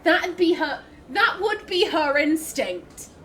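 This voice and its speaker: A woman hosting a let's play, her voice high and bright. She talks casually and chattily over the game, swearing freely and laughing easily. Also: very animated, slow, a little hiss or hum. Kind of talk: casual gameplay commentary.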